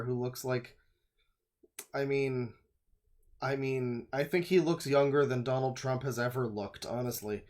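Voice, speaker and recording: A man's voice: medium pitch, unhurried. A man streaming a reaction, rambling and sarcastic, who swears a lot. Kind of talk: livestream reaction commentary.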